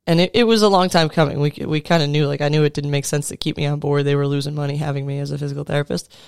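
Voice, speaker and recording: Speaking to fellow coaches, a male sports coach in his thirties delivers a motivational talk that is earnest and conversational, with casual fillers and false starts. His pitch runs on the high side and stays steady as he races along in a gravelly yet clear, resonant voice. It's a dry recording with clean studio sound.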